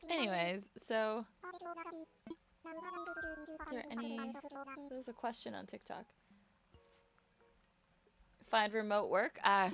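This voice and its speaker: A woman's voice: a little high, animated, takes it slowly, long pauses, music in the background. A young woman chatting casually to viewers on a live stream while playing a game, rambling with lots of fillers and restarts.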